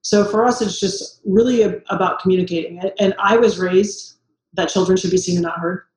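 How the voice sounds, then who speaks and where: A talkative mother chats at an ordinary middle pitch, her words full of fillers as she acts out little exchanges with doctors and her kids. The room around her is noticeably echoey. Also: fairly even intonation, brisk, a little mellow. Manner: chatty, many "like" fillers, acts out quoted voices. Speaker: guest, mother. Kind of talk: casual interview chat.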